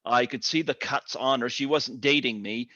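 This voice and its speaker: A man's voice: medium pitch, moderate pace, pushed and bright, dry recording. A man hosting a podcast, musing in casual chat. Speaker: podcast host. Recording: dull, dry sound.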